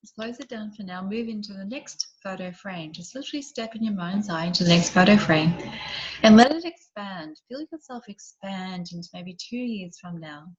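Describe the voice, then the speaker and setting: A woman leads an online group session and talks her listeners through a guided visualization. Her voice sits at a middle pitch and often drops soft and quiet between gentle questions. The audio is slightly dull and lo-fi. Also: expressive, normal speed. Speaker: program facilitator.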